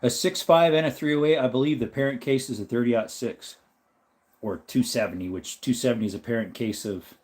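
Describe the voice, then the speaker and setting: A man's voice: medium pitch, fairly quick, darkish tone. A man hosting a casual livestream, reading out viewers' chat and talking to his dog in between. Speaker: livestream host.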